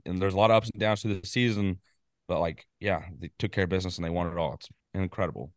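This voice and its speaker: A man's voice: deep voice, no room sound, clean studio sound. Rambling man in casual sports chat. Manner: rambling, excitable, quick asides. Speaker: podcast co-host.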